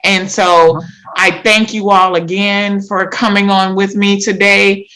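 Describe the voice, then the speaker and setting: A woman hosting a podcast, making an earnest, measured appeal and comforting a guest. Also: mid-range voice, flat delivery, bright, forceful tone, rough recording. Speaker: podcast host. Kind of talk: slow, earnest appeal and interview.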